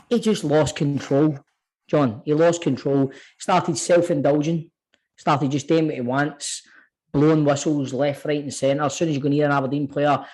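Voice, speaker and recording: Animated, high-voiced Scottish man. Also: poor audio. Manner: animated, swearing banter. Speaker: podcast co-host. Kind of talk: casual football chat.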